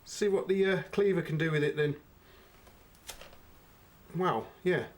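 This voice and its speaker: Chatty man reviewing a knife. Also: a little high. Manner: chatty, unhurried, addresses viewers as guys. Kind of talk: casual product review.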